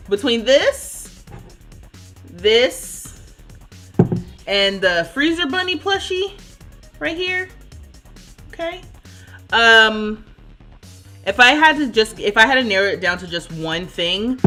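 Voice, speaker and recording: A woman in her thirties streams and chats as she plays, with a sharp, bright tone. Her pitch swings widely and she laughs easily while she thinks out loud. Faint music plays underneath. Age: 30s. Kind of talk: casual livestream chat while playing.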